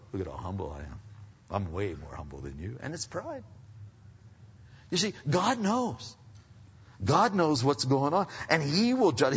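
A middle-aged man preaching a conversational sermon as pastor, swinging between loud emphasis and hushed asides. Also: medium pitch, breathy edge. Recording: dull sound with long hall reverb.

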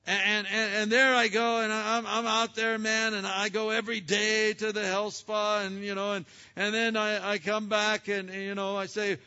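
Male preacher, high bright voice, emphatic sermon delivery, long reverb. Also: flat delivery, moderate pace, clean tone. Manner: emphatic, dramatic swings between loud and hushed. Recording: dull sound with long hall reverb.

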